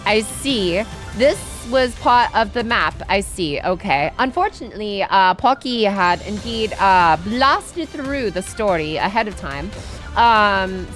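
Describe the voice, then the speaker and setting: A woman's voice: mid-range voice, a bit bright, lightly acted. A woman putting on a prim, stilted British accent. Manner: formal, stilted phrasing. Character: exaggerated prim British version of the streamer herself. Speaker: streamer. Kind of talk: put-on British accent during a livestream.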